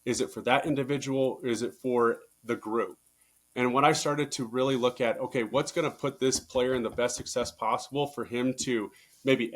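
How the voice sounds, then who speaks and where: A man, a baseball coach, talking through coaching stories in a casual interview, getting louder and higher when he presses a point and swearing casually. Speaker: baseball coach, podcast guest. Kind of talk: casual conversational storytelling.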